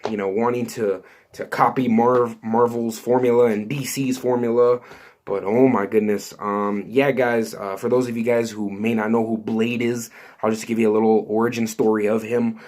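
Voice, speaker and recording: Male channel host, mid-range voice, excitable and rambling, heavy on fillers. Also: mid-range voice, moderate pace. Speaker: YouTube host. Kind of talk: excited casual vlog commentary.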